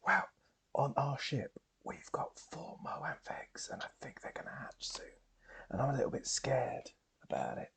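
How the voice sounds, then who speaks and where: A man voicing a friendly young woman spacefarer in a tabletop game, speaking in a soft, coaxing way that drops to hushed tones. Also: medium pitch, lively intonation, brisk, slight background noise, lightly acted. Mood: confiding.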